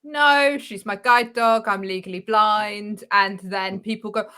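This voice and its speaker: Wry woman with a bright voice. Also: medium pitch, a little slow, few pauses, smooth. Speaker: guest, podcast co-host. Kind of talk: casual chat.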